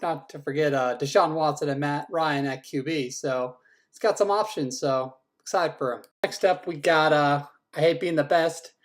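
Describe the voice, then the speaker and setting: A man's voice: on the high side, normal speed. A man acting as league commissioner, giving a casual, teasing run through each team's draft picks and swearing now and then. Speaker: fantasy football league commissioner. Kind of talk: casual team-by-team draft rundown.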